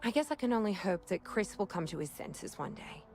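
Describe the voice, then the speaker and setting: A woman's voice: mid-range voice, sing-song, brisk, a little mellow, a little hiss or hum. A chatty, cheerful city woman. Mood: worried. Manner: friendly, talkative, confiding. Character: chatty young city woman worried about brother. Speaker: game character. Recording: game audio with music behind.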